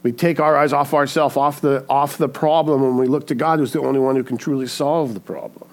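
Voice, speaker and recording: A man's voice: mid-range voice, steady tone, brisk. A man preaching a sermon in an earnest way, often checking in with "right?". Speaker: pastor.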